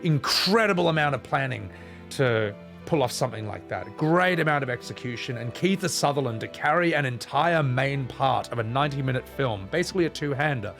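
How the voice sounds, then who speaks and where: A man's voice: medium pitch, lively intonation, brisk, a bit bright, soft background music. A man streaming a game, chatting casually, swearing, and acting out movie scenes in put-on voices. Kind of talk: casual livestream chat while gaming.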